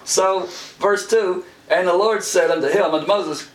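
A man's voice: sits high, a little slow. A middle-aged man preaching a sermon in a folksy, humorous way, chuckling often and acting out the characters he quotes. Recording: echoey room from far off with faint noise.

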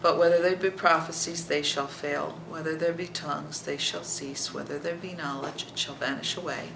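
A Bible teacher reads scripture aloud and explains it verse by verse, often asking "okay?" and sometimes dropping to a soft near-whisper. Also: mid-range voice, steady tone, normal speed, creaky, echoey room, background noise. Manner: checks in with listeners by asking "okay?".

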